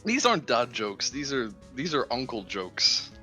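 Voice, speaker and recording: A man's voice: mid-range voice, sing-song, unhurried, bright, forceful tone, faint music behind. A young man co-hosting a game stream, telling rambling jokes with stumbles and swearing in casual chat.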